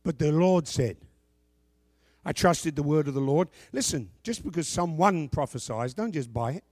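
A middle-aged male pastor preaching a sermon. He reads scripture loudly and drops into quiet asides. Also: moderate pace, no room sound, studio quality. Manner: animated preaching, swings from shouted scripture to low asides.

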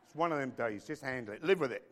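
A man preaching a sermon as pastor, animated and joking, with frequent asides to his congregation. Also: medium pitch, quick pace.

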